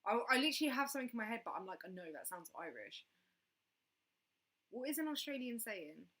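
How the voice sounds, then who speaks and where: A woman's voice: on the high side, big pitch swings, fast talker, fairly bright tone. A woman chatting casually on a livestream as its host, rambling with lots of fillers.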